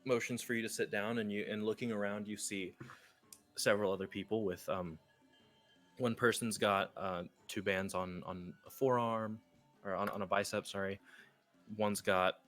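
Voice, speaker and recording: A man runs a tabletop game, narrating scenes in a loose, rambling way, full of fillers. His voice sits on the low side. Soft music plays faintly behind him. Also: fairly even intonation, moderate pace. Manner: rambling, casual, with many fillers. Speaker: game master.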